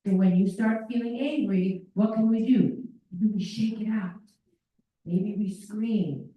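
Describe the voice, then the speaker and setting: At a parent workshop in a school meeting room, a woman with a mellow, medium-pitched voice presents animatedly, acting out children's voices. The audio comes from far off in an echoey room.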